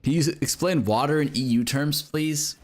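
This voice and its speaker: A man's voice: fairly high pitch, moderate pace, soft background music. An American man streaming a game, chatting casually with his viewers in a rambling way, full of fillers, swearing and laughter. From United States. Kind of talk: casual livestream chat with viewers.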